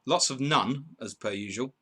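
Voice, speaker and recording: A man's voice: mid-range voice, moderate pace, fairly bright tone, breathy edge. A man hosting a live football stream, reading viewers' comments and calling match updates in a chatty, bantering way. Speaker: podcast host.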